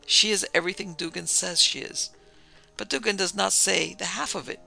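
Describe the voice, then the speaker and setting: A man narrating a first-person story with wry, deadpan humor. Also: high-pitched, normal speed, creaky, faint music behind, low-quality recording.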